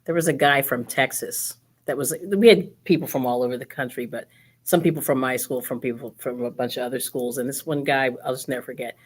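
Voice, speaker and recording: Low-voiced lady hosting a craft livestream, chatty, laughs a lot. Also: brisk. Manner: chatty, animated when telling stories, laughs often. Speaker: livestream host. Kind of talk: casual group chat while crafting.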